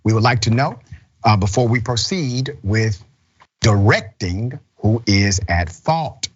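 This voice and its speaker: A man's voice: on the low side, expressive, slow, husky, dull audio. A man hosting a news commentary show, blunt and indignant as he reacts to a clip. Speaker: host.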